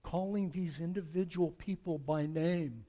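A man pastor preaching a sermon, emphatic, calling his listeners folks and swinging from soft to loud. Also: on the high side, measured pace, highs cut off.

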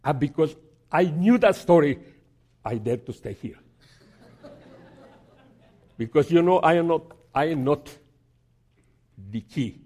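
A man preaching a sermon, telling a story and reading scripture aloud, with halting repeats and dramatic pauses. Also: a little high, lively intonation, mellow. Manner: reads scripture aloud slowly.

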